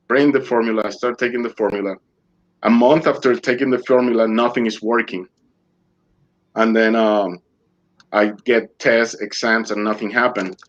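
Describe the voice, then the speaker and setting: Male guest, storyteller in non-native English, animated, slips into the voices of the people in his story. Dull, lo-fi remote-call sound. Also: medium pitch, normal speed. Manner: animated, acts out dialogue in other voices. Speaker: interview guest. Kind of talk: personal storytelling. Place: remote online interview.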